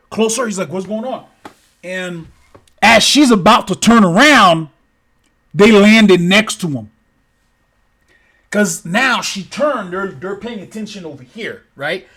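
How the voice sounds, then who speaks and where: Rambling and profane, this man improvises a casual story, acting out thuds and repeating sound effects. He has a high voice with a bit of brightness.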